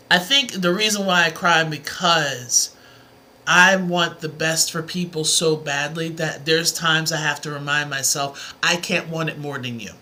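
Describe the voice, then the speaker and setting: A woman math tutor on a live stream speaks to her viewers in a low voice at normal speed, her tone bright and forceful. She's earnest and encouraging, rambling from point to point with plenty of asides in this motivational livestream talk.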